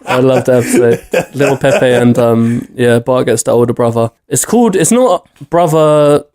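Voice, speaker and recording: A man's voice: mid-range voice, normal speed, darkish tone. A man, chatting casually as a podcast co-host, rambling with lots of "yeah" and "like". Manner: rambling, lots of fillers and yeahs. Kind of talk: casual chat.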